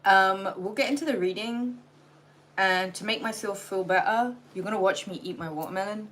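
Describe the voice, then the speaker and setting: A woman's voice: mid-range voice, moderate pace, fairly bright tone, a little hiss or hum, poor audio. A tired woman giving a blunt, exasperated livestream tarot reading, lecturing her viewers and swearing freely. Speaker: tarot reader.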